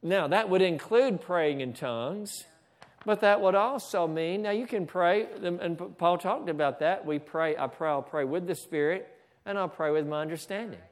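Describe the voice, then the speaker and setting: A pastor with a high voice preaches a sermon in church at a moderate pace. He keeps asking "Amen?" and breaks off now and then to give directions to the slide operator.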